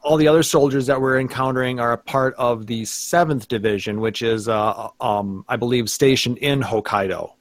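A man talks in loose, rambling runs, full of ums and restarts. His pitch sits in a middle range for a man. The sound is dry and close. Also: moderate pace, few pauses, no echo. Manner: rambling, many fillers and restarts. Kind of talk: casual chat about an anime.

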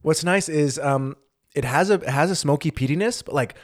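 A man's voice: fairly high pitch, fairly quick. Male podcast co-host, casual, rambling with lots of fillers. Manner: rambling, filler-heavy, restarts often. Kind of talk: casual chat.

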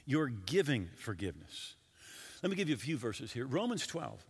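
A male pastor preaching a sermon in an animated way, asking his listeners questions directly. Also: mid-range voice, normal speed, breathy edge. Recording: long hall reverb.

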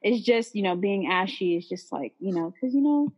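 A woman's voice: medium pitch, normal speed, lo-fi sound. A young woman from the Bay Area co-hosting a podcast, talking casually with lots of fillers. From San Francisco Bay Area. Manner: relaxed, chatty, many fillers and likes. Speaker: podcast co-host.

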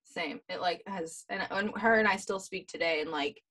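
Husky-voiced woman, laughing storyteller. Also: fairly low pitch, moderate pace. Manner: animated storyteller who laughs often. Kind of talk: casual chat.

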